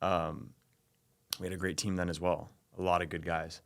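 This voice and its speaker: Low-voiced enthusiastic male co-host. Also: level tone, normal speed, creaky. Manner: enthusiastic, lots of "you know". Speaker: podcast co-host. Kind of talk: casual chat.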